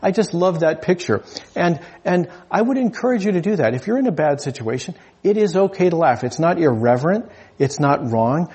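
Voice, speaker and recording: A man's voice: fairly high pitch, animated, fairly quick, warm tone, breathy edge. A man preaching a sermon in a conversational, humorous way, often restarting his phrases.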